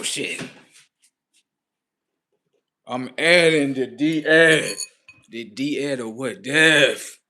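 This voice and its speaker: Bright-voiced man on a profane rambling rant. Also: on the high side. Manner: profane, rambling, self-arguing. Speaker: live streamer. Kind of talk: comedic rant skit.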